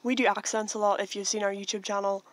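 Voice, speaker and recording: A woman's voice: medium pitch, quick pace. A woman with a Northern Irish accent co-hosting a podcast in casual chat, rambling along with plenty of "like" fillers. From Northern Ireland. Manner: relaxed, rambling, heavy use of "like". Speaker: podcast co-host.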